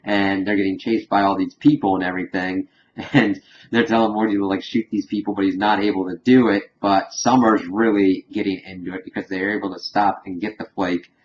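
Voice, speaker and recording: A man casually recapping a cartoon episode in a rambling way, full of fillers and quick acted quotes. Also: low-pitched, steady tone. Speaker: reviewer. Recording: dull lo-fi home recording with faint hiss.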